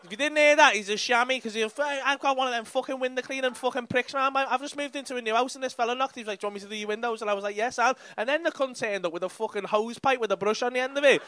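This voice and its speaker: A man's voice: extremely high pitch, racing, hardly any pauses, sharp tone, a little hiss or hum. A man doing crowd work at a comedy club, bantering with the audience in brash, sweary, teasing talk. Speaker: stand-up comedian.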